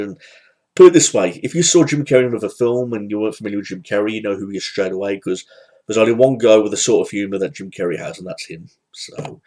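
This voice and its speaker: Man with a lowish voice, loose and chatty, talking through a movie review with lots of fillers. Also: darkish tone. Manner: rambling, loose, with frequent fillers and restarts. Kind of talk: casual spoken review.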